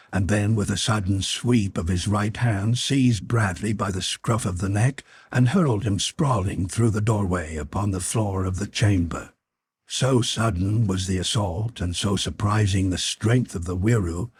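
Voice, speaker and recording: Husky-voiced male audiobook narrator. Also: fairly low pitch, darkish tone, no echo. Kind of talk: scripted narration.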